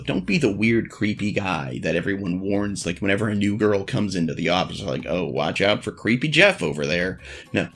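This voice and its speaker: A man's voice: lowish voice, gravelly. A man vlogging frank dating advice in a blunt, profane, self-deprecating casual monologue.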